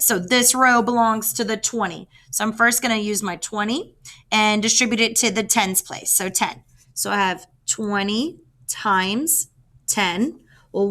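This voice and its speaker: A woman teacher talks through a math problem one step at a time and counts aloud as she goes. Her voice is bright and clear, and her tone stays patient and explanatory. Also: mid-range voice. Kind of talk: math lesson walkthrough.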